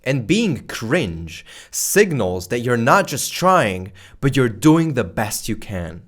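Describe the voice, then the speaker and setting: A man teaching video creators in a loud, playful, deliberately exaggerated way, speaking close to a microphone. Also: mid-range voice. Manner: animated and casual, slangy, exaggerated excitement. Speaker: YouTube creator teaching strategy. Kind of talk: energetic talking-head lesson. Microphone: close microphone facing camera.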